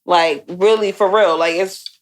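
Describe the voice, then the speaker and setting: A young woman co-hosting a casual podcast, telling a personal story. She talks bluntly and curses freely, and she gets animated as the story builds. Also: fairly low pitch, unhurried. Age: young adult. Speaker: podcast co-host.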